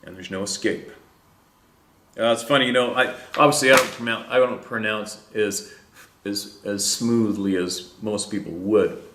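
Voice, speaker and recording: Canadian male host, very low voice, laid-back and rambling, roomy echo; casual storytelling. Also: moderate pace, a little hiss or hum. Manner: relaxed, rambling, drops "eh" and laughs. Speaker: podcast host.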